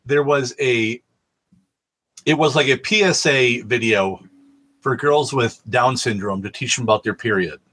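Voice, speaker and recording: A man's voice: mid-range voice, a little slow, fairly bright tone, breathy edge. A man co-hosting a podcast, telling rambling anecdotes in casual chat and swearing freely. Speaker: podcast co-host.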